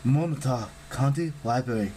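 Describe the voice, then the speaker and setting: A reader voicing a steady, plain-spoken teenage boy in a storybook. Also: mid-range voice, normal speed, slight background noise, lightly acted, low-quality recording. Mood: calm.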